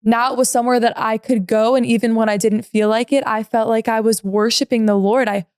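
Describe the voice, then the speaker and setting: A woman's voice: on the high side, steady tone, darkish tone, clean tone, no room sound, clean studio sound. A young woman guest sharing a personal story in a sincere, casual way. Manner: sincere, quick, laughs at herself. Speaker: podcast guest. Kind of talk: casual testimony.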